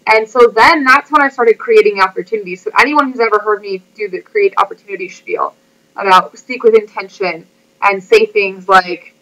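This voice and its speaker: A woman's voice: medium pitch, moderate pace, pushed and bright, poor audio. A woman who works as a fitness coach, talking in an earnest, emotional, chatty way in a motivational vlog, full of "like".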